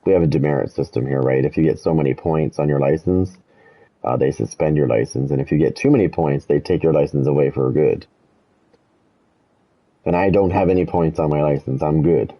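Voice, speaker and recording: Here a gaming streamer with a bass voice talks a little fast over poor audio. While playing, he tells his viewers a rambling, casual story full of swearing, becoming animated when he quotes himself.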